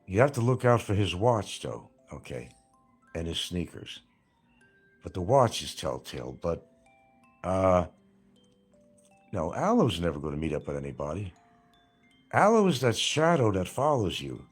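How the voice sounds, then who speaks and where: A man with a low, slightly rough, very animated voice hosts a livestream at an unhurried pace, pausing often over soft background music. He reads chat comments aloud and mocks people in a rambling, crude way, laughing at his own jokes.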